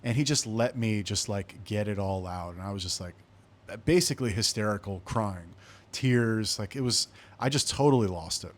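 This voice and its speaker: A man with a somewhat low voice tells a story on his podcast in loose, conversational monologue. He speaks bluntly, swears freely and keeps a casual, offhand tone. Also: moderate pace. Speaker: podcast host.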